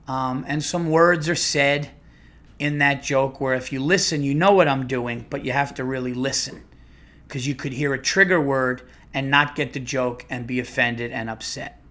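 A middle-aged man, a comedian hosting his own podcast, telling a long rambling story in a casual, animated way with restarts. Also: mid-range voice, moderate pace.

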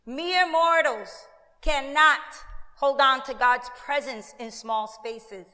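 A woman pastor preaching a lively sermon, acting out quoted voices with asides to the congregation. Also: sits high, slow pace, big-room sound.

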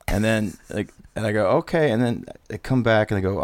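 A man's voice: fairly low pitch, quick pace, hardly any pauses, dry recording. A musician guest, a man, telling band stories in a casual chat and acting out what others said. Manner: animated anecdotes, acts out quotes. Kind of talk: casual storytelling.

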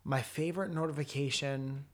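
A laid-back man co-hosting a podcast in easy conversation. He talks loosely and offhand, tosses in jokes and the odd swear word, and sits at a middling pitch. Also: steady tone, moderate pace. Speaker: podcast co-host. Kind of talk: casual chat.

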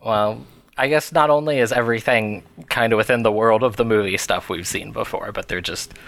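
A man co-hosting a podcast in casual chat, animated and laughing often. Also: fairly low pitch, brisk, vocal fry. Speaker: podcast co-host.

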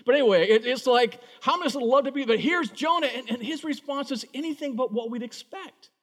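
A man giving a conversational sermon as a pastor, acting out quoted voices with sudden pitch jumps. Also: fast talker, fairly bright tone, long reverb tail.

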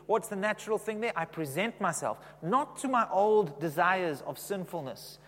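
A man's voice: sits high, animated, moderate pace, few pauses, a bit bright, long reverb tail. A man preaching a sermon in a conversational way, often asking the congregation questions.

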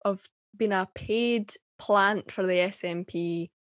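A woman's voice: medium pitch, fairly even intonation, slow pace, no echo, studio quality. A young woman from Scotland with a Scottish accent, talking as a guest in a casual chat, passionate, swearing freely and laughing often.

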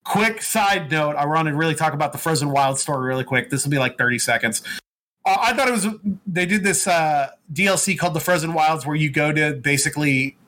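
Man, slightly high voice, bright and forceful, rambling profane game recap, casual chat. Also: a little fast.

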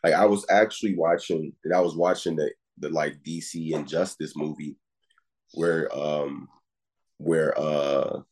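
Deep raspy guy rambling on a podcast, lots of "you feel me". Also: fairly even intonation, a little slow, darkish tone. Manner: rambling, repeats "it's just like" and "you feel me". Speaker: podcast co-host. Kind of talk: casual chat.

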